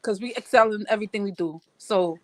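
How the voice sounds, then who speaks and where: A woman from Jamaica chatting casually, playful and quick to defend her side. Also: medium pitch, a little hiss or hum, rough recording. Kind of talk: casual chat.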